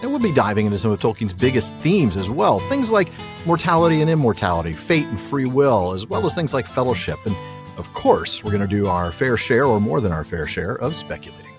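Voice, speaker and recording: A man hosting a podcast, opening the show with a lively, playful delivery. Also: medium pitch, fairly quick, over music. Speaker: podcast host. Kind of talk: casual podcast chat.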